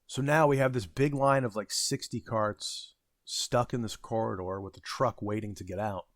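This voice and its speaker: A man in his thirties with a fairly low voice rambles through a work story, full of fillers, restarts and self-deprecating asides. The sound is dry and close, with no room echo. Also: moderate pace. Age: 30s. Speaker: vlogger. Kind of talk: casual storytelling.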